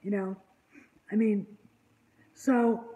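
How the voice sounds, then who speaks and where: A woman hosting her own channel, talking with guests in loose, rambling chat. She sounds exasperated and indignant, with a mellow, warm tone at an ordinary pitch. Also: fairly even intonation, extremely slow, rough recording. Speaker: online channel host. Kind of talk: casual panel chat.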